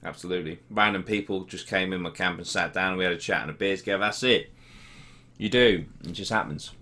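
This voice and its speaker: A young man with a Norwich accent and a low, deep voice chats on a live stream. He reads out viewers' comments in laddish banter and swears freely. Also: fairly quick, pushed and bright. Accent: English, Norwich. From Norwich, England. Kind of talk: casual live-stream chat reading comments.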